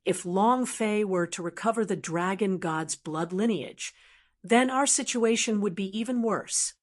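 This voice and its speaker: A woman's voice: medium pitch, unhurried, lightly acted. A woman reading as an anxious younger brother. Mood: urgent. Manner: urgent reporting. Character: anxious male younger brother, clan member.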